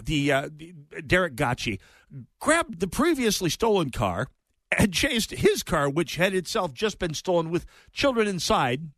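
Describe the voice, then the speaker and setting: A man's voice: medium pitch, fairly bright tone, no echo. A middle-aged man hosting an opinion talk radio show, talking in a digressive way with sarcastic asides.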